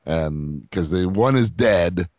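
Lower-voiced man chatting, dry sound. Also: lively intonation, slow, darkish tone, no room sound. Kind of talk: casual chat.

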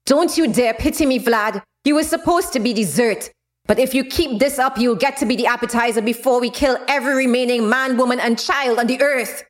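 A woman's voice: a little high, brisk, pitched above the performer's own voice, lightly acted. A woman voicing a furious, vengeful young woman who turns on her brother. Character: enraged vengeful young woman, a fallen sister.

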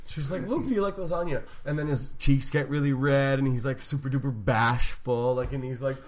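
A man co-hosting a podcast, telling a long story in casual chat, animated and swearing freely with lots of "like.". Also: mid-range voice, brisk. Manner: animated, swears a lot, heavy use of "like". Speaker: podcast co-host. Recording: noisy background hiss.

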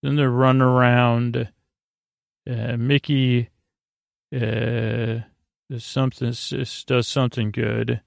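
A man hosting a sleepy bedtime podcast, retelling a story in a halting, rambling way with many fillers and restarts. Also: gravelly, no echo, studio quality. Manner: low-key monotone retelling. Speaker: podcast host. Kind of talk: sleepy bedtime episode recap.

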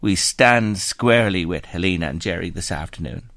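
Low-voiced sombre Irish radio host. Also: male voice, normal speed, creaky, a bit bright, no room sound. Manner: earnest, sombre, reads listener messages. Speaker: radio talk show host. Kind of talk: radio phone-in talk.

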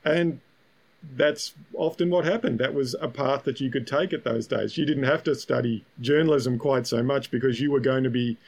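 A man's voice: medium pitch, normal speed, darkish tone, low-quality recording. A man co-hosting a podcast, explaining at length in a reflective, casual way with many fillers. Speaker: podcast co-host. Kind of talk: casual chat.

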